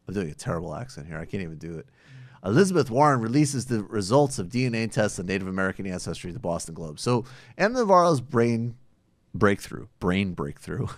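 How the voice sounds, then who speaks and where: On his podcast, a deep-voiced man gives forthright, opinion-heavy political commentary, occasionally profane. The recording has no echo.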